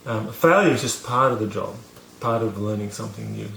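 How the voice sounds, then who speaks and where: A man's voice: fairly low pitch, expressive, a little fast, vocal fry, pushed and bright, echoey room, slight background noise. Man telling a rambling self-mocking story. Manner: rambling, many fillers and restarts, self-mocking. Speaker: vlogger teaching about learning. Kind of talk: casual storytelling to camera.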